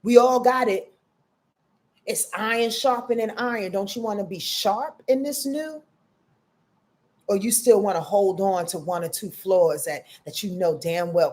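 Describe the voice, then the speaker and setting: A woman in her fifties with a medium-pitched voice gives an unhurried, casual astrology forecast. She's slangy and profane, calls her listeners "y'all," and swings between loud outbursts and soft murmurs.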